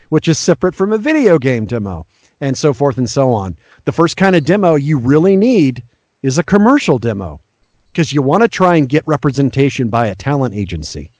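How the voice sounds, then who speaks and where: رجل متحمس يقدم نصائح صريحة. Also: male voice, a little high, darkish tone, dry recording. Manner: earnest, encouraging, frank. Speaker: voice actor guest. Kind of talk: advice-giving interview talk.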